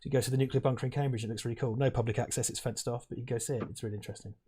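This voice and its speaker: A man's voice: mid-range voice, fairly even intonation, rapid-fire, warm tone, slightly rough. A man chatting casually over a film on a lavalier mic, rambling, swearing and laughing often. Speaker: film commentary host. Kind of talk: casual watch-along chat.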